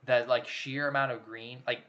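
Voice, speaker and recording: Man, bright tone, casual contest-judging chat, thinking aloud, halting restarts. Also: mid-range voice, flat delivery, highs cut off. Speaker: channel host judging a photo contest.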